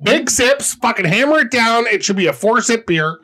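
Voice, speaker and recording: A man's voice: very high voice, lively intonation, normal speed. A man co-hosting a casual drinking podcast, telling boisterous stories and swearing freely. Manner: loud, profane, boisterous storytelling. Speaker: podcast co-host.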